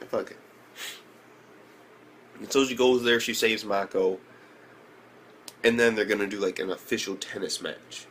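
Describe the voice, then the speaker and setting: A young man reviewing an anime episode in casual speech, slangy and profane, who keeps jumping up in pitch when he reacts. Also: normal speed, long pauses, fairly bright tone, slight background noise.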